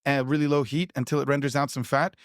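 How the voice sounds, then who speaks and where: He talks fast with a flat delivery in a mid-range voice, recorded dry with clean studio sound. As a pitmaster and producer in a casual interview, he chats keenly, rambling and restarting amid many fillers.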